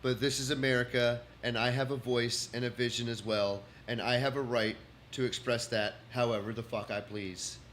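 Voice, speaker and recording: Medium-pitched and fairly bright, the Texan comedian speaks at a moderate pace with a flat delivery as he rambles through notes on his livestream. He keeps restarting, and a little background hum is audible.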